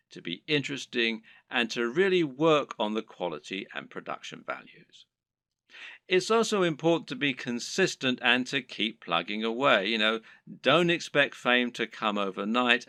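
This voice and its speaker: A man giving scripted narration for an online course in a steady, explanatory lecturing manner. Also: mid-range voice, dry recording, studio quality.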